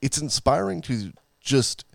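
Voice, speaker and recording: A man's voice: mid-range voice, big pitch swings, unhurried, gravelly, no room sound, studio quality. A man co-hosting a podcast in casual chat, rambling, laughing often and swearing freely. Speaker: podcast co-host.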